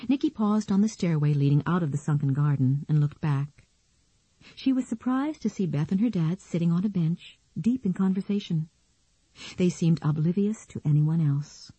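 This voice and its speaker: Low, mellow female audiobook narrator. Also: lively intonation, moderate pace, breathy edge, no room sound. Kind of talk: scripted narration.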